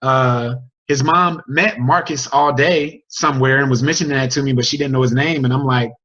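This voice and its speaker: A man coaching his team on a group video call, telling a story with an energetic, chatty manner and questions to the group. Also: mid-range voice, normal speed. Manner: energetic, chatty, sports metaphors and crowd questions. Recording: dull lo-fi video call audio.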